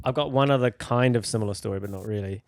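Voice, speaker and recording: On a podcast, a man with a fairly low, creaky voice tells stories casually at a quick pace, and he may be the guest or the host. He is animated, acting out quotes in a raised voice and laughing often. The audio is studio quality with no echo.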